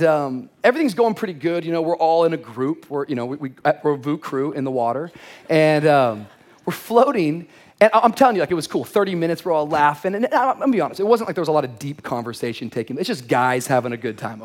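A high-pitched young man preaching in a big church. He swings from quiet asides to animated storytelling and bursts of shouting. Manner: lively, animated, acts out shouted quotes. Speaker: pastor. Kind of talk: energetic sermon with storytelling. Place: large church auditorium.

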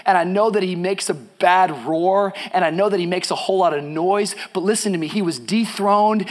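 A young male preacher delivering an energetic sermon, dropping to hushed storytelling and rising to shouted emphasis, with casual slangy asides. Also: high voice, moderate pace.

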